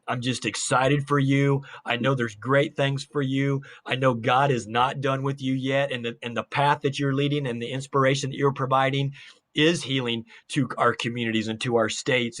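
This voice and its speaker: A man's voice: mid-range voice, a bit bright. A man hosting an interview, earnest and effusive, often repeating words as he speaks. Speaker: host. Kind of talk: interview host.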